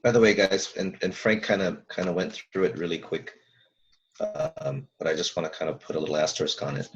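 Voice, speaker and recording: Deep voiced guy coaching sales, energetic, muffled call sound. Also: fairly quick. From German and Hawaiian heritage, US. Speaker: co-instructor. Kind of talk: coaching a class.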